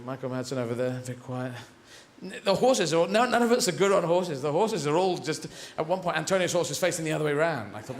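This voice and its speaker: A man doing stand-up comedy on a big theatre stage, rambling through quick asides. His voice sits a touch high and is picked up with a roomy echo. Faint noise runs underneath. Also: lively intonation, gravelly.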